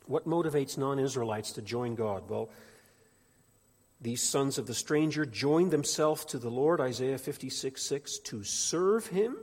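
A man preaching a sermon in a church, animated, swinging between loud emphatic peaks and quiet asides. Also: mid-range voice, breathy edge. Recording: echoey hall with long reverb.

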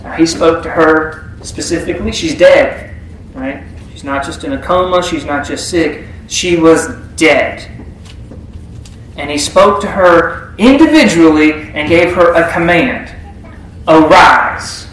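A man with a high voice delivers a sermon to his congregation. He keeps it conversational and keeps asking them questions. His words ring through a very echoey church with a faint hiss behind them. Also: measured pace, far from the mic. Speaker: preacher. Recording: very echoey room.

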